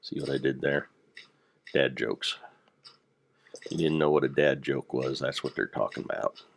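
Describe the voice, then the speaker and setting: An older man with a gravelly voice, rambling through casual gameplay commentary with dry dad jokes. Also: very deep voice, fairly even intonation, normal speed, a little hiss or hum. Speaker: Minecraft let's player.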